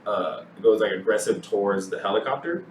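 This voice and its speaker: A man co-hosting a casual movie review podcast, retelling scenes in a lively way and acting out the characters' lines. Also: on the low side, fairly quick. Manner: animated retelling, acts out quotes, laughs often. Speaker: podcast co-host. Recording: echoey room, distant mic, faint noise.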